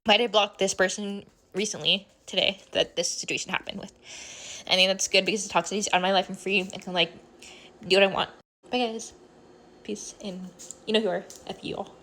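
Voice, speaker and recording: A young woman races through a get-ready-with-me confession, her words tumbling out breathless and scattered. She talks into a phone held at arm's length in her home, at a middling pitch. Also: steady tone, brisk, sharp tone, a little hiss or hum. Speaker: vlogger.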